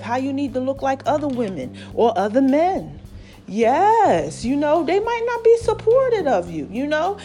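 A woman's voice: sits high, mellow. A woman hosting her own podcast, talking to listeners in an affectionate, preachy way while slightly out of breath. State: slightly out of breath, swollen throat. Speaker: podcast host. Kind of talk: casual motivational monologue.

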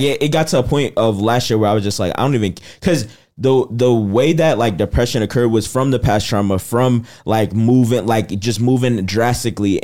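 A man's voice: mid-range voice, darkish tone. A man co-hosting a casual podcast, talking in a rambling way with many restarts. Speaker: podcast co-host.

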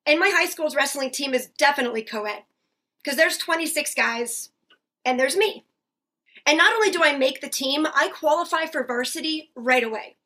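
Woman, forties, from Massachusetts, high pitch, self-deprecating comic storyteller. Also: sharp tone. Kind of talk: personal storytelling.

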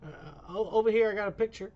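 A man's voice: sits high, steady tone, fast, highs cut off. A man co-hosting a podcast in casual, profane chat, reading quotes aloud and swearing freely. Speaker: podcast co-host.

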